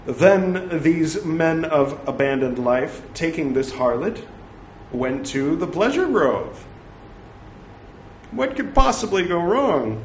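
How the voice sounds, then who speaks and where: A man reads scripture aloud slowly, and his pitch rises and falls a lot. He drops in wry, joking asides between passages. The sound is roomy, with faint ambience. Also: expressive, a little hiss or hum. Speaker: reader of scripture.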